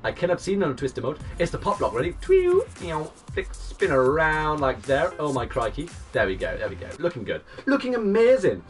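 A young man in his twenties live-streaming a game, greeting and thanking viewers and breaking into excited shouts. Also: medium pitch, a little fast, few pauses, far from the mic, faint music behind. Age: 20s. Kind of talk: live-stream chat reading out viewers' messages.

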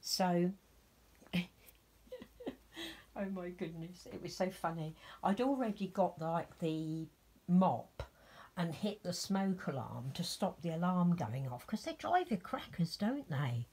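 A middle-aged woman with a low, husky voice tells a long, rambling story at an unhurried pace. She chats casually, now and then dropping into soft whispered asides. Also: animated. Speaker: vlogger dressing a reborn doll. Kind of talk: casual storytelling while dressing a doll.

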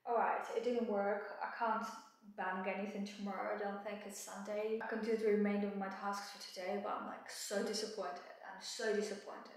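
Indoors at her house under renovation, a woman talks casually to camera for her vlog, sounding anxious and venting her frustration with frequent swearing. Her medium-pitched voice moves little in pitch and is a little fast. She's recorded from afar in a very echoey empty room, with music playing.

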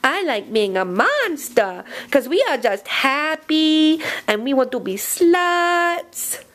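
Woman playing a childlike under-the-bed monster friend, creepy comic monologue: high, unhurried, drifting whispers. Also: very animated, a bit bright, full character voice. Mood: eerie dreamy. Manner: slow, dreamy, drifting into whispers.

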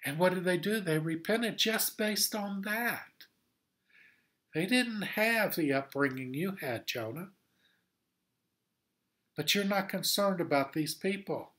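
A man's voice: sits high, lively intonation, slow, pauses often, a bit bright. A man teaching a Sunday school Bible lesson in an earnest, explanatory way, repeating points for emphasis.

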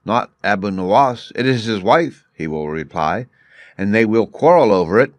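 A scheming, penniless court jester, read by a man in a storybook, pleading and eager. The voice is fairly low, and the dry sound has no room echo. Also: animated, normal speed, close to an everyday voice.

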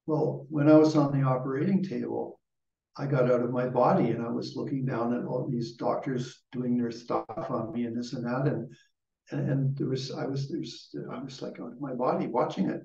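A man's voice: medium pitch, fairly even intonation, normal speed, vocal fry, dark tone. Older man giving a rambling dharma talk. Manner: rambling, with many restarts. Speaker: Buddhist lama and teacher. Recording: dull, echoey room from far off.

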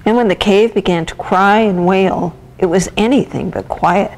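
Lady reading a kids' picture book out loud, gentle and expressive, mid-range voice. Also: mid-range voice, moderate pace, low-quality recording. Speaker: volunteer reader.

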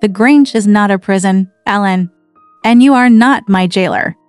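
A woman's voice: mid-range voice, normal speed, darkish tone, clear, resonant tone, no room sound, soft background music, natural voice. A woman reading the part of an eager, coaxing girl of almost seventeen in a storybook reading. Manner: pleading and coaxing.

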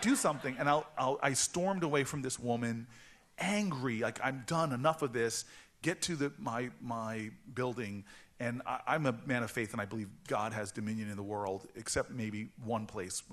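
A man in his forties telling a story to a live audience at a book event, animated and acting out the voices he quotes. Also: on the low side. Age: 40s. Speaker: author speaking at a book event.

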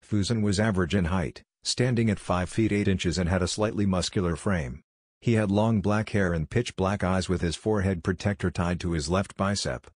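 Deep-voiced man reading a story. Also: moderate pace, dry recording, studio quality. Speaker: story narrator. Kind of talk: reading fan fiction aloud.

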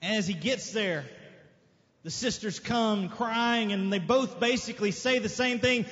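A man's voice: very high voice, animated, moderate pace, a bit bright. A man pastor reading scripture and then preaching earnestly, repeating phrases and asking rhetorical questions, in a church. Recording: dull lo-fi church recording with long reverb.

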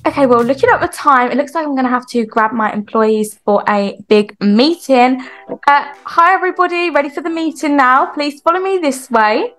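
A woman's voice: sits high, lively intonation, moderate pace, fairly bright tone, faint music behind. A woman hosting a game role-play as a busy mayor mother who talks chattily and gets exasperated with her kids.

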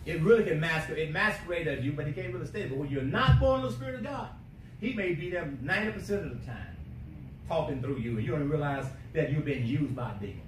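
A man preaching a sermon, emphatic, swinging between quiet asides and shouting. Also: a little high. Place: church sanctuary. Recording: echoey church from a distance, faint hiss.

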